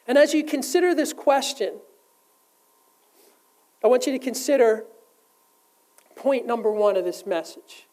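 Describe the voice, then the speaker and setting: A woman's voice: a little high, a little slow, pauses often, darkish tone, poor audio. A woman preaching a sermon in an earnest way, putting questions to her listeners. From United States.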